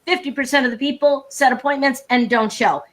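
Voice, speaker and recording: A woman sales coach speaking live over a video call, brisk and emphatic, with frequent laughter and humor. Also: high voice. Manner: brisk, emphatic, laughs often, acts out dialogue. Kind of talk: energetic live talk with humor.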